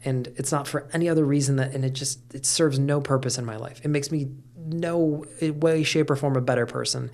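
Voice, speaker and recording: A man's voice: mid-range voice, fairly even intonation, fairly quick, few pauses, darkish tone. Candid, casual-talking man on a podcast. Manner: candid, swears freely, many fillers. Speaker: podcast guest, coach. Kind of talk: casual conversation.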